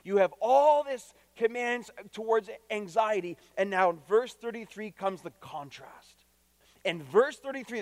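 A man's voice: sits high, no echo, long reverb tail. A man preaching a sermon to his congregation, emphatic, repeating key phrases and putting direct questions to his listeners. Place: church.

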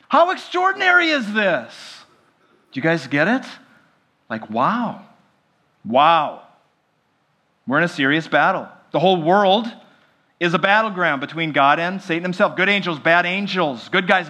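A man preaching a sermon as pastor, animated and often asking the congregation questions. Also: a little high. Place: church.

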